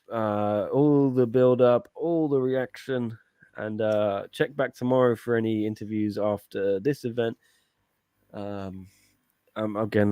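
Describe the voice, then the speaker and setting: A man hosting a casual live stream chat, laid-back and quick to laugh. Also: fairly low pitch, mellow, no room sound, studio quality. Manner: laid-back, laughs often, loose sign-off. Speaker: host.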